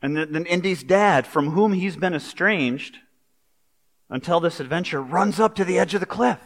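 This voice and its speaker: A man delivers a sermon in a casual, storytelling manner, dropping everyday asides into his points. His voice sits a little high. It rings out with a long reverb, as if recorded in a large hall. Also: normal speed. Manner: conversational, animated storytelling with pop culture asides. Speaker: preacher.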